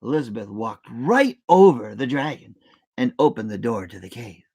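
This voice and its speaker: A woman reading a picture book aloud to children, animated and dramatic, with playful hushed asides to her listeners. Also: rumbling low, normal speed, husky.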